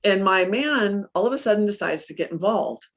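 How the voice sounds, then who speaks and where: Animated woman coach telling stories. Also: mid-range voice, moderate pace. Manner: animated storyteller, acts out her own quotes, laughs often. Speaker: interview guest, coach. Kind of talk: casual conversational interview.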